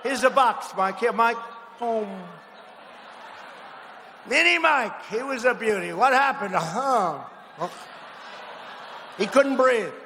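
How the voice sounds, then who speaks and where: A man giving a rally speech in a large arena, mocking and repeating himself and shouting lines to the crowd. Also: sits high, takes it slowly, long pauses. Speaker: political speaker at a rally. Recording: long arena reverb, faint noise.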